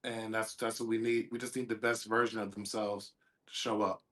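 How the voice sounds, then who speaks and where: A man on a casual sports talk show, laid-back and even-toned as he gives his final thoughts. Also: fairly low pitch, normal speed. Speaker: podcast panelist.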